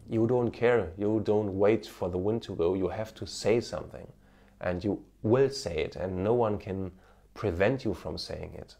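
Warm, low-leaning, and a little slow, this man's voice has some vocal fry. He's in his thirties, speaks with a German accent faintly colored by Indian, and encourages viewers earnestly while using many fillers. The marketing coach, once a TV cameraman, films on a smartphone with an external mic.

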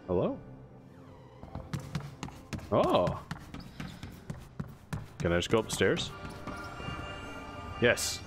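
A man giving casual let's play commentary, full of excited exclamations and chuckles. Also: on the low side, slow pace, pauses often, over music.

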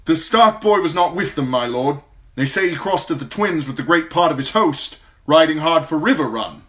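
An urgent knight delivers his report loudly and high-pitched, as a man reads him aloud. The voice is bright and pressing in an audiobook reading. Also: expressive, normal speed. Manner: loud, urgent, raised pitch. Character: urgent male knight messenger, breathless report.

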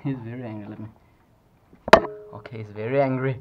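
A vlogger with a Nepali accent, speaking English as a second language, gives casual, excitable commentary while filming pets at home, laughing often. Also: mid-range voice, brisk, lo-fi sound, background noise. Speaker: pet vlogger.

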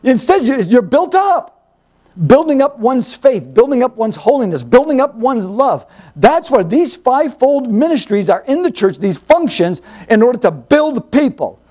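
A man with a very high voice delivering a sermon. His pitch swings widely as he teaches, and he drives each point home with rhetorical questions and repetition. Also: very animated, moderate pace, dark tone. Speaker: Bible teacher.

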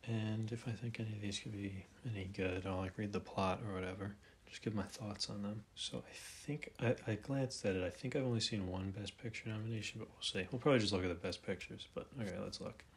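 A man's voice: on the low side, fairly even intonation, brisk, a little hiss or hum. A man casually thinking aloud as he browses a website, hesitant and rambling, with many fillers and restarts, now and then reading a summary aloud. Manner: reads plot summaries aloud, then comments. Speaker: YouTube movie commentator. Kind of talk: casual off-the-cuff commentary while browsing a website. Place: room at home, at a desk chair.

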